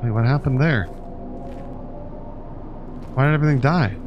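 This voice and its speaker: Streaming a video game, a man chats casually and laughs a lot as he plays, sounding amused and chatty in this gameplay commentary. His mid-range voice moves at a moderate pace, and the audio is dull with a noisy background.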